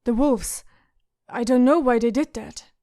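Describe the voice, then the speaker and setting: A woman's voice: on the high side, a little slow, warm tone, no room sound, clean studio sound, lightly acted. A woman voicing a wary teenage lord who speaks in a guarded, awkward way. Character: wary young lord, teenage boy, stiff.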